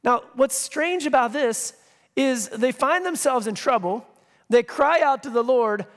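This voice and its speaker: A man's voice: very high voice, unhurried. A male pastor preaching a sermon in a conversational way, reading scripture with emphasis and dropping joking asides. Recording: long reverb of a large hall.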